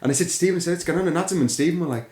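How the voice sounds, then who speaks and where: Young lad nattering fast about the match, roomy echo. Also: male voice, fairly high pitch, dark tone. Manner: chatty, says aye and like a lot. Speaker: podcast co-host. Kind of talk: casual football chat. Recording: echoey room.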